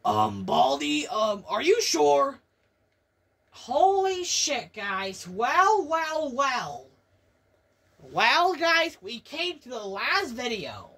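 High, jumpy woman reacting loudly. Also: huge pitch swings, very slow. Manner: jumpy, exclaiming, swears a lot. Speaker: video reactor. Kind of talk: reaction commentary. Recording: distant mic with music behind. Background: music.

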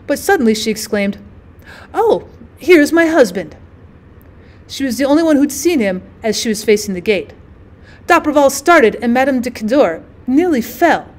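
Woman teacher reading a classic story aloud. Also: on the high side.

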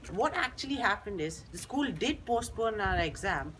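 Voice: mid-range voice, big pitch swings, normal speed, a bit bright, slight background noise, poor audio. A teenage student, telling a story in a chatty, rambling way with frequent restarts. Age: teens. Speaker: school student. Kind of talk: casual storytelling monologue.

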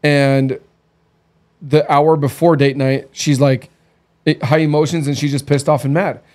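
Guy in his 30s, slightly high voice, candid blunt storytelling, casual chat. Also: flat delivery, a little slow, darkish tone. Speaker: podcast host.

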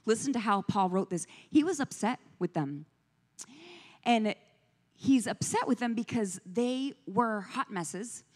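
A woman's voice: fairly high pitch, animated, a little slow, darkish tone. A woman who is a pastor's wife, giving a conversational sermon as a guest speaker, telling stories and asking the audience questions. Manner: storytelling, asks the audience questions. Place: church sanctuary, indoors. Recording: long reverb of a church hall.

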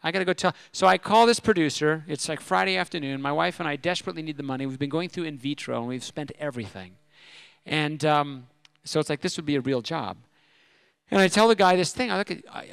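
A middle-aged man telling a personal story at a convention, animated and self-deprecating. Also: on the high side, fast talker, vocal fry, clear, resonant tone, no echo. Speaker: speaker at a religious convention.

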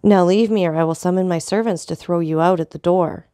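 Composed, dignified nobleman, read by a woman, low and gravelly, dry close sound. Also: no echo. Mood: solemn. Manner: calm, measured, dignified. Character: calm commanding aristocratic older man, coldly polite.

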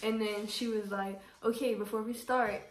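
A woman's voice: mid-range voice, steady tone, moderate pace, recorded from a distance, a little hiss or hum. A young woman telling a casual storytime, chatty and full of "like", acting out what people said. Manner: chatty, fills with "like", acts out quotes. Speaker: vlogger. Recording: roomy echo, voice away from mic.

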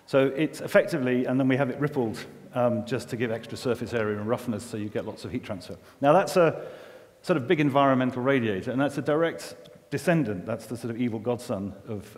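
A man's voice: mid-range voice, darkish tone. Chatty man in a reverberant hall. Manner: chatty, self-deprecating, many restarts and asides. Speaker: environmental engineer giving a festival talk. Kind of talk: conference talk. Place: festival venue with long reverb.

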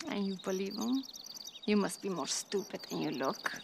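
A woman's voice: medium pitch, animated, moderate pace, vocal fry, noisy background. A scornful ranch woman. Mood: mocking. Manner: mocking, laughing contempt.

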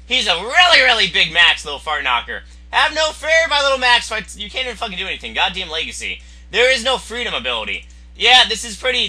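A young man with a very high, piercingly bright voice rattles off profane commentary over his gameplay. His pitch swings wildly as he jeers at rivals and bursts into yells. The delivery is loud, unfiltered and excitable. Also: husky. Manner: excitable, crude, yelling at opponents.

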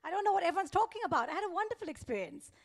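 A young woman doing a stand-up comedy set, telling a story in a deadpan, faux-naive way with little laughs. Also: extremely high pitch, very fast.

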